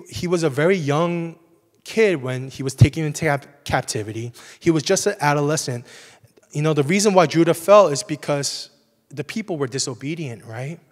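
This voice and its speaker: Young male preacher, mid-range voice, casual asides, church hall with a long echo. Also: mid-range voice. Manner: conversational, frequent "right?" asides. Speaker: pastor. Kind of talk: sermon. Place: church sanctuary.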